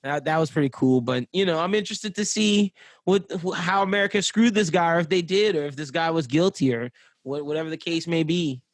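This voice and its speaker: A man's voice: a little high, a little fast, no room sound. A man co-hosting a podcast in casual chat, laid-back and slangy, rambling with restarts. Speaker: podcast co-host.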